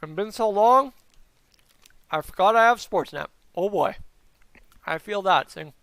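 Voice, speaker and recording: A man's voice: high-pitched, lively intonation, a little slow, creaky, fairly bright tone, no echo. A young man hosting a live hockey reaction stream, chatting with viewers and calling the play-by-play into a close mic. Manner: chatty, talks to chat, does play-by-play. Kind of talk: casual live-stream commentary.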